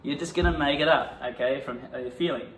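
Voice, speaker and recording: A man teaching an acting lesson, jumping into loud, indignant improvised scenes. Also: fairly high pitch, fast talker, slight background noise. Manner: bursts into loud indignant outbursts during scenes. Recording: echoey room.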